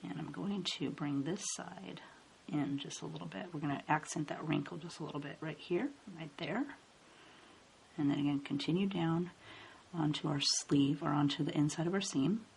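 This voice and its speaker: A woman with a low, slightly gravelly voice guides you through a coloring tutorial one stroke at a time. Her narration stays calm and unhurried. A faint hiss sits under the recording. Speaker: card-making instructor. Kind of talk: step-by-step coloring tutorial voice-over.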